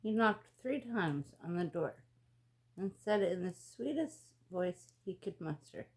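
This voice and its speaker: A woman reading a fairy tale aloud as a storyteller, in a slow, expressive read-aloud manner. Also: fairly low pitch.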